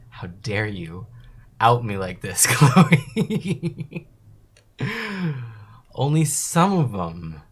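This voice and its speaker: A young man hosting a casual livestream, reading chat messages aloud and answering them in a rambling, laid-back way, laughing often. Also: low voice.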